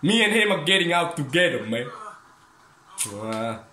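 A man giving excitable, swearing commentary over a horror game. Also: on the high side, unhurried, reverberant. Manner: excitable, swearing, yelps and laughs. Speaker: gaming streamer. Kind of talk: casual gameplay commentary.

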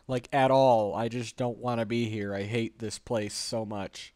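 A man's voice: lowish voice, flat delivery, measured pace, a little mellow, no room sound. A man giving casual, jokey commentary while playing a video game, grumbling at the levels. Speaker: let's play host.

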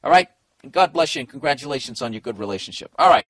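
A man's voice: mid-range voice, expressive, racing, fairly bright tone, breathy edge, no echo. A man hosting a podcast, giving comedic advice to listener letters in a profane, exasperated rant.

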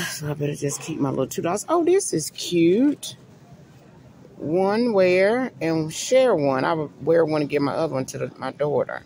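A middle-aged woman vlogs while she shops in a big store and talks her viewers through each item she picks up. Her voice is gravelly, and her pitch swings up and down a lot. She is recorded on a handheld phone, and clear store noise runs underneath her voice. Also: sing-song, normal speed, a little mellow, low-quality recording. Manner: chatty, thinking aloud while browsing store shelves. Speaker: vlogger. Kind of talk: casual shopping vlog talk to viewers. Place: inside a large store. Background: store ambience.

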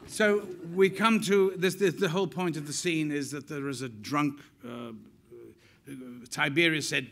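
An older man telling lively anecdotes on stage, laughing as he goes. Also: a little high, moderate pace, vocal fry. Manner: animated, laughing as he tells stories. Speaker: guest actor. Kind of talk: onstage anecdotal storytelling. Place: stage event before an audience.

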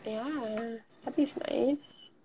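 Young woman host, high voice, upbeat chatty painting stream, laughs easy. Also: very slow, dark tone. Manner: encouraging, upbeat, laughs often. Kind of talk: casual chat while painting.

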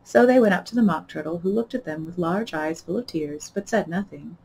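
A woman reading a children's story aloud for a library storytime, with expressive, animated delivery. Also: lowish voice, a little fast, vocal fry, hardly any pauses, slight background noise, poor audio.

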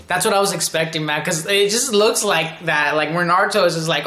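A man's voice: sits high, fairly quick, few pauses, pushed and bright, echoey room, slight background noise. A man giving a casual, rambling anime episode review, often acting out characters' lines.

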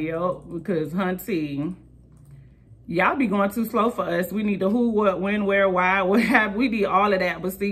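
A woman's voice: medium pitch, slightly rough. Chatty woman vlogging outdoors. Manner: chatty, animated storytelling with lots of "y'all". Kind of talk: casual vlog chat. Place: outdoors at a bus stop, vehicles passing.

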